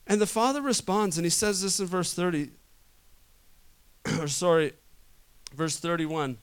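A man preaching a sermon to a room, swinging from loud urgent stretches to quiet soft ones. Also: sits high, a little slow, clear, resonant tone. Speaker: pastor.

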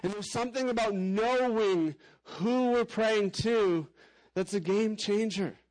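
A man's voice: high-pitched, a little slow, darkish tone, rough recording. A man preaching a sermon as a pastor, candid and conversational, with frequent casual fillers.

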